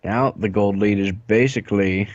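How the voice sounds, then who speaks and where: A man's voice: lowish voice, fairly even intonation, normal speed, no echo, lo-fi sound. A man casting a live esports match, joking around and laughing between play-by-play calls. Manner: jokey, rambling, laughs often. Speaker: esports caster.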